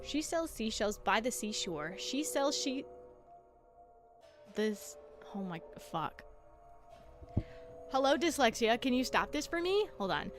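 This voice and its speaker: Giggly female streamer, light on the higher side, easygoing chatter with music in the background. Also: sing-song, slow, long pauses. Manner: playful, giggly, stumbles over tongue twisters. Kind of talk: casual live-stream chat while gaming.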